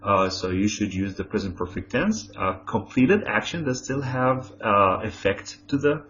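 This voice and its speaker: A man with an Egyptian Arabic accent teaching English grammar, saying example sentences slowly and explaining quickly in between. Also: fairly low pitch, fairly bright tone. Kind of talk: bilingual grammar lesson. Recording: slightly dull lo-fi audio with faint hum.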